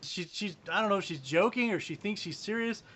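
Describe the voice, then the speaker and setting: High bright-voiced wisecracking podcaster. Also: male voice, expressive, brisk, dull audio. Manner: blunt, profane wisecracks. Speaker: podcast co-host. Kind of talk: casual podcast chat.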